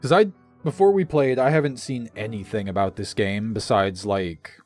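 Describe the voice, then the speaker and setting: Chatty man yelling at a game. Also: fairly low pitch, normal speed, faint music behind. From American South. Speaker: co-host playing a video game. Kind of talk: casual gaming commentary.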